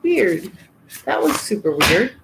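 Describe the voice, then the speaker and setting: A woman's voice: mid-range voice, big pitch swings, takes it slowly, creaky, heavy background noise. A woman giving a live tarot and oracle card reading, chatty and reassuring, with frequent ums and restarts. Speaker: tarot reader.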